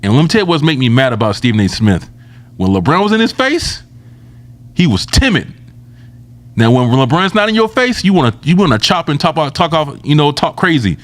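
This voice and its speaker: A man co-hosting a podcast, telling stories in slangy, animated casual chat. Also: on the high side, fairly quick. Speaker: podcast co-host.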